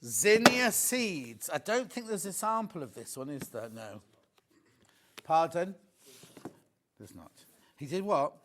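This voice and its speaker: A chatty, excitable man hosts a live shopping show. His voice sits high for a man, and he gushes over each product while chatting with viewers and crew. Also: slow pace, long pauses, background noise. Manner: lively and gushing over the products. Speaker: shopping channel presenter.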